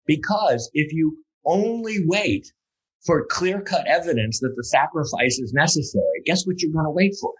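A man's voice: on the high side, expressive, normal speed, husky, poor audio. A man speaking as an interview guest, telling a story in a loose conversational way, full of fillers and restarts, then building to emphatic points. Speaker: guest speaker on safety culture.

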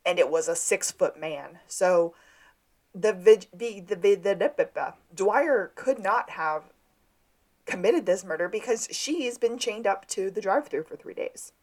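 A woman's voice: mid-range voice, lively intonation, a little mellow. A woman co-hosting a podcast, chatting casually as she recaps an episode and laughs along. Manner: chatty, quick to laugh, acts out quotes. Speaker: podcast co-host.

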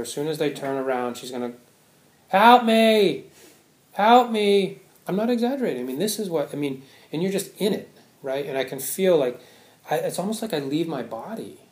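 A man's voice: fairly high pitch, fairly quick, darkish tone. Man giving a Dharma talk in a roomy hall. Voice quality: conversational, often asks "right?". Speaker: Buddhist Dharma teacher. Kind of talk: Dharma talk to a live audience. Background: audience laughter.

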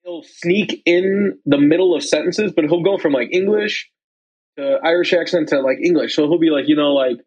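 A man's voice: on the high side, moderate pace, a little mellow, breathy edge, dull audio. A young man co-hosting a casual chat, telling loose, rambling stories full of fillers. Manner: rambling storyteller, lots of likes and ums. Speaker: podcast co-host.

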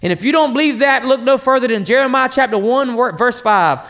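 High-pitched, animated preacher. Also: male voice, brisk, long reverb tail. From North Carolina, USA. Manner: passionate, animated preaching with rhetorical questions to the crowd. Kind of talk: sermon.

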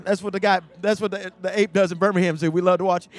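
A man preaching a sermon, telling stories that swing from hushed to shouting and repeating words as he builds. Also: high voice, fast, hardly any pauses, dry recording. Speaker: pastor.

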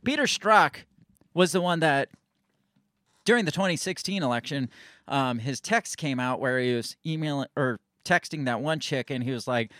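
A man with a slightly high voice talks through the news in a sarcastic, rambling way, often stopping and restarting his sentences. He reads news excerpts aloud between his own remarks. The sound is dry and close, with no room echo. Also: expressive, normal speed, a bit bright. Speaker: political commentary host. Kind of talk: casual political commentary.

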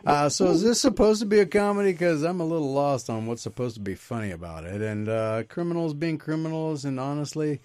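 A man's voice: fairly high pitch, a little fast, hardly any pauses, no room sound. A man co-hosting a casual movie review panel, teasing the others and passing the turn around. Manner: lively, teasing, leads the rounds.

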